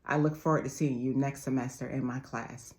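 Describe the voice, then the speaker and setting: A woman's voice: extremely low pitch, fairly even intonation, fairly quick, darkish tone, pitched below the performer's own voice. A woman quoting a stern college teacher. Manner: firm and unbending.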